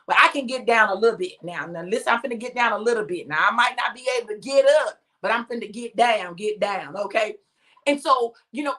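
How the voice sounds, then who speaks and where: A woman's voice: a little high, bright, forceful tone. A woman in her fifties hosting a casual morning livestream for her viewers. She is chatty, playful and encouraging, and she laughs often. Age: 50s.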